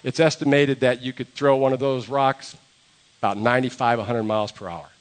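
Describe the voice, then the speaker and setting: A man pastor giving a conversational sermon, retelling a story with animated asides and jokes. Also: medium pitch, fairly quick.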